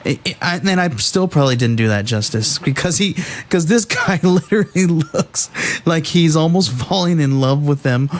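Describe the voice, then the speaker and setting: A man hosting a casual comic book review podcast, talking in an animated, halting way with many restarts. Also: on the high side.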